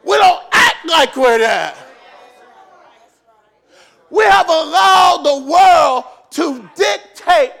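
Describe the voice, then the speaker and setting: A man pastor preaching a sermon, shouting and emphatic, repeating phrases for emphasis in a church. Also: very high voice, creaky.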